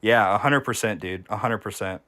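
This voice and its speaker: A man streaming a game, giving casual gameplay commentary and chatting with viewers, with sudden excited reactions. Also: fairly low pitch, moderate pace.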